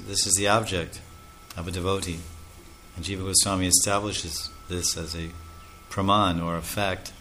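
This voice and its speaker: A man's voice: deep voice, sharp tone, slight background noise. A man preaching a devotional sermon in an explanatory way, with many Sanskrit terms and lists of steps.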